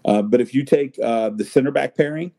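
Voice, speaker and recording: A man's voice: medium pitch, a little fast, creaky, mellow. A man talking soccer in a loose, rambling way, with lots of fillers and restarts. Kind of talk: casual chat.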